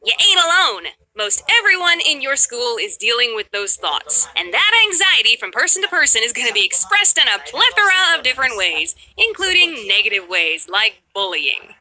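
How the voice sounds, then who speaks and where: Bright, lively young woman storyteller. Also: a little high, normal speed, hardly any pauses. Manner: lively, sarcastic and jokey. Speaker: animated storytime narrator. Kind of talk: scripted storytime narration.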